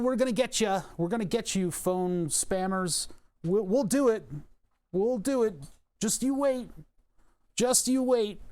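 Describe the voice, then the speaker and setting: A pompous, blustering politician , as a man puts him on, who boasts of action that never comes and says every promise twice. The voice is pushed up high and loud, full of bluster. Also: no echo, natural voice. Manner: pompous, boastful, repeating himself. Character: blustering male politician making empty promises.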